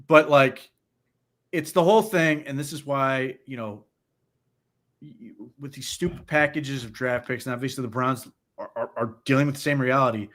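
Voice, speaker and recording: A man co-hosting a sports podcast, talking football in casual chat, animated and incredulous, often stammering into restarts. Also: medium pitch, normal speed.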